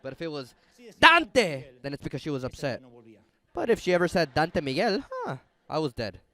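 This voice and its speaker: A middle-aged man preaching a sermon in an animated, conversational storytelling manner, talking straight to his audience. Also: on the high side, fast.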